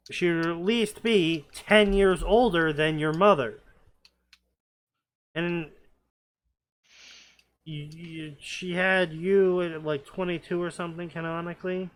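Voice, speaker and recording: A man reading fanfiction aloud and breaking off into sarcastic, nitpicking commentary, often stammering as he restarts his sentences. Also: a little high.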